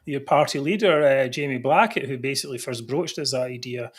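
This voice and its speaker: A man's voice: medium pitch, fairly quick, breathy edge. A man hosting a political discussion show over a livestream, talking in fits and starts with many restarts and fillers. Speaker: host. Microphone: livestream video call.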